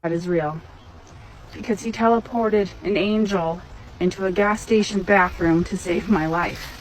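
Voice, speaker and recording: A woman from Missouri telling a personal testimony in an emphatic, animated way. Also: medium pitch, measured pace, rough recording. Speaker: storyteller sharing a testimony.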